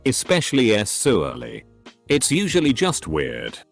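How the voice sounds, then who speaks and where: A man's voice: mid-range voice, huge pitch swings, moderate pace, soft background music. A text-to-speech male voice reading online posts aloud in short, clipped sentences. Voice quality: synthetic computer voice. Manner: reads short clipped sentences one after another.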